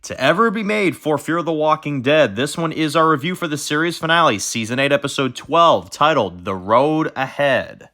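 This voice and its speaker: A man's voice: fairly high pitch, lively intonation, moderate pace, few pauses, pushed and bright. A man hosting his own TV review channel, talking casually and frankly to viewers and often repeating words as he thinks. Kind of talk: casual on-camera review talk.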